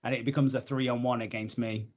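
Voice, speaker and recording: A man's voice: mid-range voice, steady tone, fairly quick, darkish tone, muffled recording. Jokey male podcast host. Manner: jokey, laughs often. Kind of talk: casual podcast banter.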